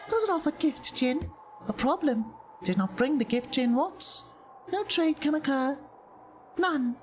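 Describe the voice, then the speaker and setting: A woman's voice: sits high, slight background noise, voice pushed up. A woman voicing a small greedy creature trader who speaks of itself in the third person with broken grammar.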